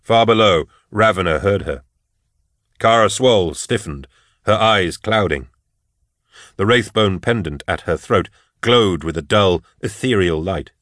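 A man reading a sci-fi audiobook in steady, dramatic narration. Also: low-pitched, unhurried, dry recording, studio quality.

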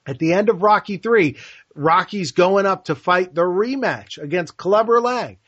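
A man's voice: sits high, animated, a little slow, fairly bright tone, no room sound. A man co-hosting a podcast in casual film discussion, enthusiastically retelling movie scenes. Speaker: podcast co-host. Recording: dull lo-fi dry sound.

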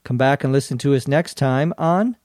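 A man's voice: mid-range voice, normal speed, darkish tone, no echo, clean studio sound. A man with a Minnesota accent hosting an English lesson podcast, patiently explaining words and spelling them out. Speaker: English teacher and podcast host.

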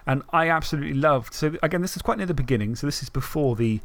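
A man's voice: on the high side, lively intonation, fast, a bit bright. Eager man chatting about a book. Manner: enthusiastic, reads passages aloud, restarts often. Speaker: podcast co-host. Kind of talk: casual book discussion.

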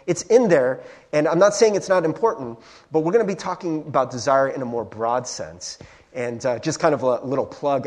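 A man's voice: fairly high pitch, a little mellow, husky. A young man preaching a casual sermon as pastor, chatty and self-deprecating with lots of fillers.

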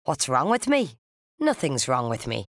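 A reader doing a resentful older woman in an audiobook, low and quiet with a simmering menace that breaks into hisses and furious shouting. Her pitch sits mid-range, and the recording is dry and close with no room sound. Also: huge pitch swings, normal speed, no echo. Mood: raging. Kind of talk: audiobook character voice.

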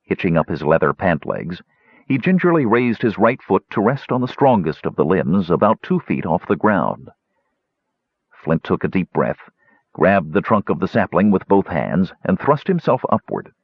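Deep, husky male audiobook narrator. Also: dry recording. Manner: expressive, measured storytelling. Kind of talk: scripted fantasy narration. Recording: dull lo-fi, dry audio.

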